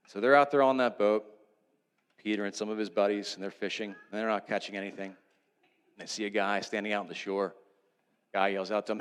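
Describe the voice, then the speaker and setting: A male pastor preaching a sermon, retelling a story with animated swings between loud, excited lines and hushed, low ones. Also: big-room sound. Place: church sanctuary.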